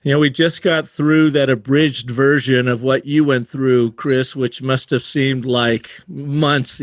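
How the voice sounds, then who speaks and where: A man's voice: medium pitch, no echo, clean studio sound. A man hosting a podcast, interviewing a guest in a conversational way and leading with guiding questions. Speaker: podcast host.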